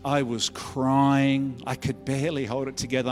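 An Australian man preaching a sermon, telling his story in an earnest, conversational way and often restarting mid-phrase. His mid-pitched voice rings through a reverberant church hall. Soft music plays faintly underneath. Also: little pitch movement, moderate pace, few pauses. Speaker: pastor. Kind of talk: sermon testimony.

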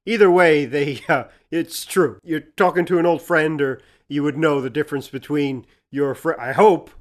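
A man's voice: fairly high pitch, moderate pace. A man co-hosting a casual podcast, agreeing and adding chuckling asides. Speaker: podcast co-host.

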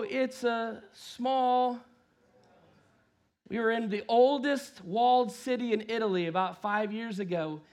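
A man in his forties from the United States preaching a sermon, swinging from hushed asides to loud, emphatic lines and acting out voices in his stories. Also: high voice. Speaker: pastor.

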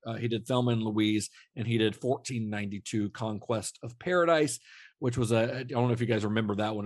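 A man's voice: mid-range voice, dry recording, studio quality. A man co-hosting a podcast, chatting casually about film trivia with plenty of fillers and restarts. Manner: relaxed, rambling with frequent fillers and restarts. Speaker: podcast co-host.

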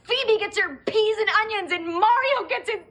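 An actress playing a frazzled young woman ranting about hosting a holiday dinner, exasperated and fast-talking, in a sitcom clip. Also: extremely high pitch, background noise.

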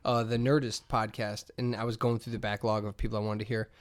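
A man's voice: on the low side, little pitch movement, fast talker. A man from northwest Indiana co-hosting a podcast, joking and sarcastic in casual chat. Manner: joking, sarcastic, laid-back. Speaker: podcast co-host.

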